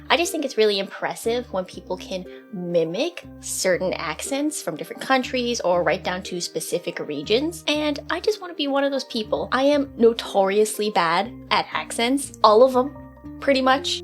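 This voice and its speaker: A young Canadian woman hosting a comedic vlog, joking and teasing herself about her skills. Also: fairly high pitch. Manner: playful and self-mocking, laughs at herself. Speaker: YouTuber.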